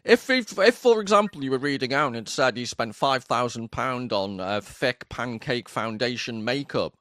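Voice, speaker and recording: A man's voice: mid-range voice, expressive, moderate pace, a bit bright, no room sound. A man with a mid-range voice, recorded dry and close. He talks in a wry, matter-of-fact way during a casual chat. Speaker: podcast co-host.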